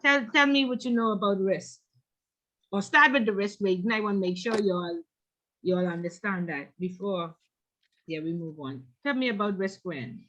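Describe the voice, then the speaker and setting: A woman teaches a class over a video call, talking in a loose, storytelling way and teasing her students when they stay quiet. Her voice sits at a middle pitch. The audio is dull and lo-fi, as from a call. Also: normal speed. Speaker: instructor.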